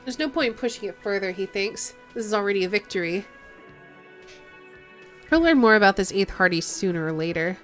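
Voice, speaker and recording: A woman streamer reading a video game's text aloud in a low-key, reflective way, with her own remarks in between. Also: lively intonation, a little fast, pauses often, faint music behind.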